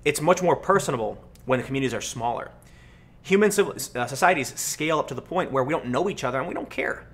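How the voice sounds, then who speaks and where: A man's voice: fairly high pitch, fast. Man riffing on a live stream. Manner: animated storytelling, acts out voices in anecdotes. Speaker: livestream host. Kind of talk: casual livestream commentary answering chat.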